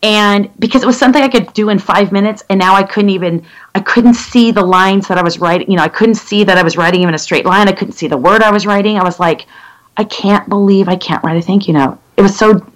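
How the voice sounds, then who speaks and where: Candid, halting woman in her fifties. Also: mid-range voice, low-quality recording. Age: 50s. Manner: candid, halting, many fillers and restarts. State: legally blind. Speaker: interview guest. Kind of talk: personal story in conversation.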